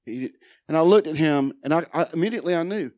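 A man's voice: fairly high pitch, lively intonation, fast, darkish tone. A man preaching a sermon about his own testimony, emphatic, repeating phrases and asking the congregation questions. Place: church sanctuary.

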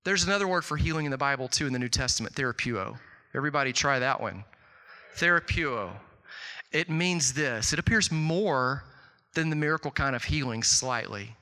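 A middle-aged man preaching a sermon, telling stories with lots of "like" and jumping up loud and high when he quotes people. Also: a little fast. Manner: animated storytelling, swings loud and high on quotes, filler "like". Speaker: pastor. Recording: long hall reverb.

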